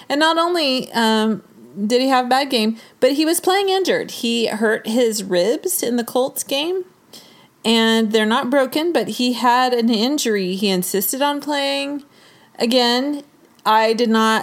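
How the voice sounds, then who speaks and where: A woman co-hosting a casual sports chat, launching into an animated, exasperated rant. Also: on the high side. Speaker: podcast co-host.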